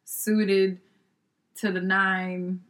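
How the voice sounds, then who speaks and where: A woman telling a personal story in casual conversation, lively and laughing often, acting out what people said. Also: medium pitch, drawn-out words. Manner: lively, laughs often, acts out quoted dialogue.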